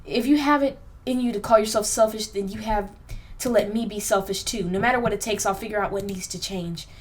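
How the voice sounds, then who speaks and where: A woman's voice: mid-range voice, brisk. A young woman hosting a let's play, reading the game aloud with emotional, slangy commentary. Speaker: gaming channel host.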